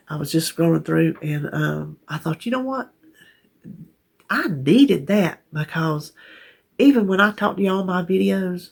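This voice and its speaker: A woman's voice: fairly low pitch, vocal fry, husky. A woman chatting casually to her viewers, self-deprecating and talkative. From North Carolina. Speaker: vlogger. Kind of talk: casual chat to camera.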